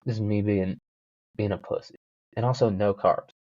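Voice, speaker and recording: A man's voice: lowish voice, steady tone, normal speed, mellow, no room sound, lo-fi sound. A young man hosting a solo podcast, rambling casually with lots of swearing and self-mocking jokes. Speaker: podcast host.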